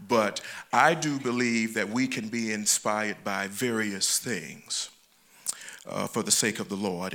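A man delivering a church sermon in a mid-pitched voice. He talks with animated, rising and falling emphasis and draws out the key words. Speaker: lay preacher.

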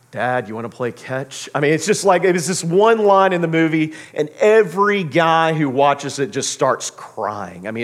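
A man in his thirties preaching a sermon as pastor, telling a story with lively, acted-out quotes. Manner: animated storyteller, acts out quotes with big pitch jumps.

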